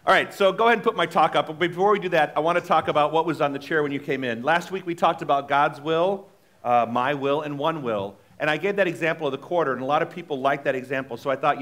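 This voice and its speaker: A man's voice: on the high side, fast talker, a bit bright. Chatty man giving a sermon. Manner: chatty and informal, with restarts. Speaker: minister. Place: church sanctuary.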